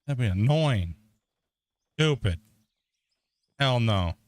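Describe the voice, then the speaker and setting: A man hosting a live game stream, teasing his teammates and tossing out quick exclamations as he plays. His voice sits at an ordinary middle pitch and sounds dry and close, with no room around it. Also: expressive, no room sound. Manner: joking, teasing banter with frequent exclamations. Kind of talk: live gameplay chat with viewers.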